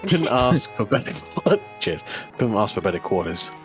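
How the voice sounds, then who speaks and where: A man voicing a posh, shell-shocked English pilot from the First World War, reading a game's story aloud in a slow, theatrical way. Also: mid-range voice, fairly bright tone, pitched below the performer's own voice. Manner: slow, theatrical, breaking into laughter.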